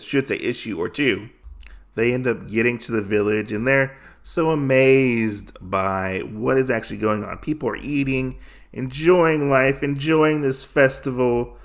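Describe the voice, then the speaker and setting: A podcast host with a medium-pitched, slightly bright voice casually recaps a comic story. His telling rambles, full of fillers and restarts.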